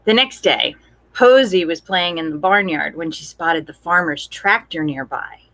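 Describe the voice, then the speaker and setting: A woman reading a picture book aloud to children, gentle and expressive, asking the children questions. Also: fairly low pitch, a little slow. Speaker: storytime reader.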